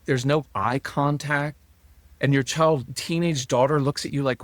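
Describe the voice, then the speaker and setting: A middle-aged man, a parenting coach as a podcast guest, telling stories lively and acting out quotes from parents and kids. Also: mid-range voice, a little slow, no echo. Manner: animated storyteller acting out parent and child quotes. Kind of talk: conversational interview.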